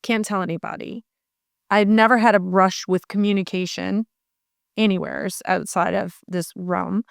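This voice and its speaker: A woman's voice: mid-range voice, steady tone, measured pace, gravelly, no echo. Earnest woman, dry close mic. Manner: earnest, rambling with many restarts. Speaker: podcast guest. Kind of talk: emotional personal storytelling.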